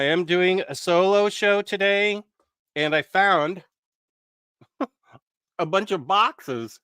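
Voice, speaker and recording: A man's voice: fairly high pitch, animated, takes it slowly, pauses often, bright, forceful tone, clean tone, dry recording, clean studio sound. A man hosting a casual live stream from home, rambling, interrupting himself and chatting with viewers. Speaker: livestream host. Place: home room.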